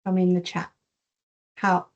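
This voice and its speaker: A woman teaching an online masterclass on intuition. She reads questions from the chat aloud and acts out her inner voices with lively changes of tone. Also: lowish voice, unhurried, muffled recording.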